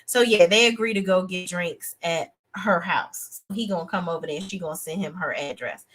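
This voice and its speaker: A young woman hosting a live TV review stream, talking in a blunt, animated, outspoken way with features. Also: fairly low pitch, normal speed, few pauses. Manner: animated, outspoken, breaks into acted voices of characters. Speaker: TV review show host.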